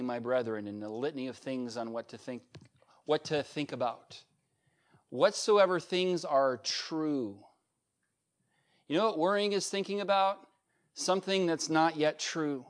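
Earnest preaching man, fairly high voice. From United States. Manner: earnest preaching, shifting between raised emphasis and quiet asides. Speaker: pastor. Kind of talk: sermon.

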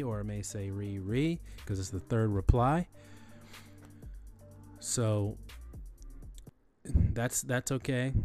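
In this screen-recorded tutorial on email etiquette, a man with a mid-range, slightly mellow voice teaches casually. He restarts often and repeats phrases, padding them with fillers.

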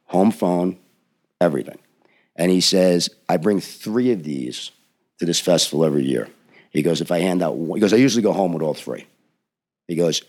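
A man on a podcast telling an animated story and acting out the people in it with emphatic delivery. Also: deep voice. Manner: acts out the people in his story, lively and emphatic. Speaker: podcast guest.

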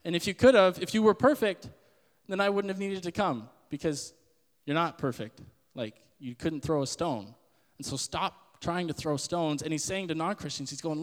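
A young man gives a casual, sermon-like Bible talk, animated and quick to act out the voices he quotes. His voice sits a little high for a man. A long reverb trails after his words. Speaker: podcast host.

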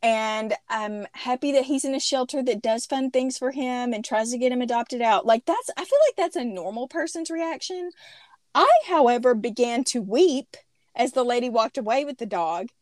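A woman hosting a casual chat, telling a story in an animated way and laughing often. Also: on the high side, normal speed, no room sound, studio quality. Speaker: podcast host.

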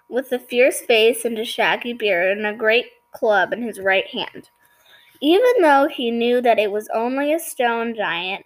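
Higher-voiced woman reading a storybook aloud. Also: low-quality recording. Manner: stumbles and apologizes for slips. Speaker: reader. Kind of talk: reading a children's book aloud.

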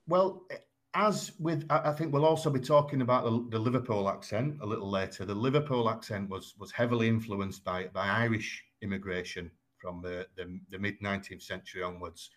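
Man, Yorkshire accent, lowish voice, measured and explanatory, frequent ums and restarts. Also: fairly bright tone. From Yorkshire, England. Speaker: guest. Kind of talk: conversational explaining.

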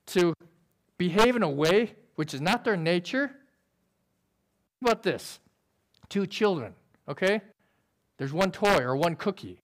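A man preaching a sermon in an earnest, conversational way, using quick everyday illustrations. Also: high voice, lively intonation. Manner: describes himself as sober by nature.

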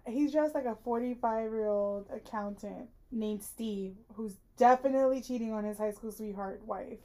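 A woman's voice: a little high, normal speed, mellow. A woman co-hosting a casual podcast, joking and sassy. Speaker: podcast co-host. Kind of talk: casual chat.

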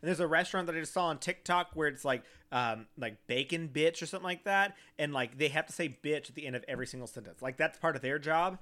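Young man, podcast co-host, fairly high voice, bright tone, rambling and swearing. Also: fast, few pauses. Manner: rambling, swears often, lots of "like". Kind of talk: casual podcast chat.

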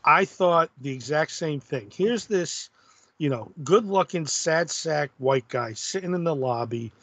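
A man co-hosting a podcast, chatting casually in a relaxed, amused way. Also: on the high side, measured pace, dry recording. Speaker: podcast co-host. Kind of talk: casual chat about comics.

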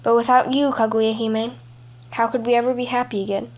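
A woman's voice: a little high, little pitch movement, fairly quick, a little mellow, lightly acted. A woman voicing a grieving old bamboo cutter, a loving father who speaks in a pleading, tearful way in a storybook reading. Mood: sorrowful.

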